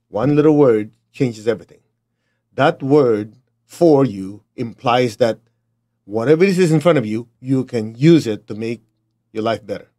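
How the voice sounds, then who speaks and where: Middle-aged man, Chinese accent, motivational teacher, blunt and emphatic, mid-pitched voice. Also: expressive, moderate pace, warm tone. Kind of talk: motivational talk.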